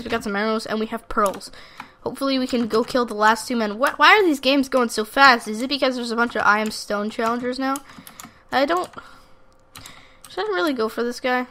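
Woman, bright tense voice, fairly high, excitable gameplay chatter, faint keyboard clicks. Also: normal speed, long pauses, a little hiss or hum. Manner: rambling, excitable, talks to the audience and at opponents. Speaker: gaming YouTuber. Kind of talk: live gameplay commentary.

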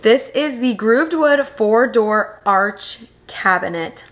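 A woman's voice: a little high, lively intonation, unhurried, hardly any pauses, fairly bright tone. Gushing young woman reviewing home decor. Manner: gushing, enthusiastic. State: new mother. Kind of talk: voice-over product review.

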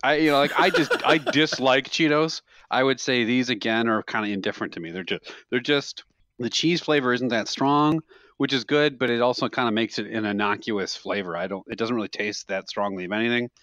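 Male podcast co-host, casual storyteller, dry studio sound, mid pitch. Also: brisk, no echo. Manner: animated storyteller, laughs often. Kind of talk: casual chat.

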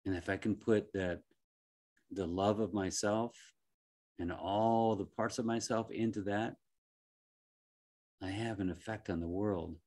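A man working as a life coach, giving a gentle, reflective motivational talk with frequent soft chuckles and halting restarts. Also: lowish voice, fairly even intonation.

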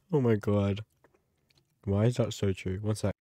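Excitable man chatting over gameplay. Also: lowish voice, slow pace, breathy edge, dry recording, clean studio sound. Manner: chatty, excitable, gasps and yelps at the game. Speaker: gaming YouTuber. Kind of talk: casual gameplay commentary.

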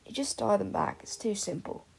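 Woman doing a nerdy teen boy, dry and offhand, husky bit gravelly. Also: mid-range voice, lively intonation, moderate pace, darkish tone, exaggerated voice. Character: bookish teenage boy, dry and clever.

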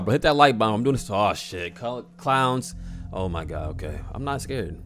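A young man with a low voice that swings widely up and down, reacting to scares at home. He talks in an excitable, nervous way and swears freely, with faint music behind him. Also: normal speed. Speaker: host. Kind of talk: casual reaction commentary.

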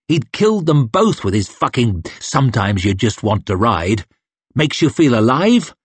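Husky male audiobook narrator. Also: medium pitch, no room sound. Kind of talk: scripted narration.

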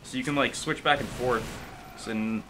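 A young man giving live gameplay commentary, excitable and profane, with sudden bursts of yelling. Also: mid-range voice, normal speed, noisy background. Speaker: gaming commentator.

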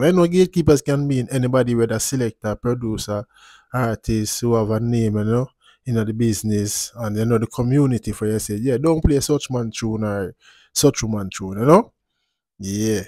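A man with a lilt talks through the news in an easy, meandering way, looping back on his points. His voice sits at an ordinary middle pitch. The recording is dry and close, with no room sound. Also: dark tone, no room sound. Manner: laid-back, drifting, repeats "you see me". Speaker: channel host and commentator. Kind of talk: casual commentary vlog.

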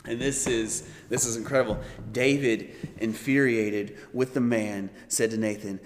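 A man leading a Bible study, teaching with animated delivery and often checking in with "right?". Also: medium pitch, measured pace, hardly any pauses, long reverb tail. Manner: animated, acts out quoted voices, frequent "right?".

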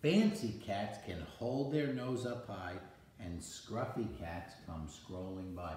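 An older man, a grandfather, playfully reading a picture book aloud to his grandchild, with sudden high exclamations. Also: takes it slowly, a little mellow, very echoey, slight background noise.

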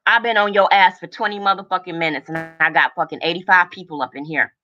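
A woman's voice: fairly low pitch, fast talker, pushed and bright, highs cut off, faint music behind. Furious profane middle-aged woman ranting. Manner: furious, profane, confrontational, repeats lines for emphasis. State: agitated and overheated. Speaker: livestream host. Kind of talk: angry livestream rant.

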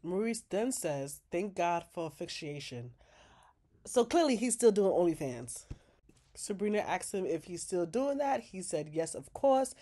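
A woman's voice: on the low side, very animated, a little slow, dark tone. A woman giving a casual, chatty recap of a TV episode, retelling scenes with quoted dialogue and sassy asides. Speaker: recap vlogger.

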